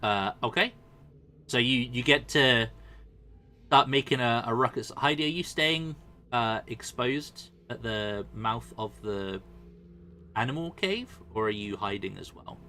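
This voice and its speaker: A man narrating a tabletop game as dungeon master, in a relaxed, halting way with many fillers. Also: medium pitch, a little hiss or hum.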